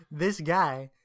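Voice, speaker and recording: A man's voice: fairly high pitch, no room sound, clean studio sound. A young man co-hosting a casual podcast, teasing his friend and telling profane stories with frequent laughs. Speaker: podcast co-host.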